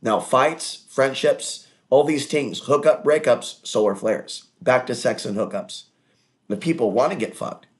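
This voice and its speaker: A man's voice: mid-range voice, unhurried. A man hosting his own online talk show in a rambling, crude, digressive monologue with mocking asides.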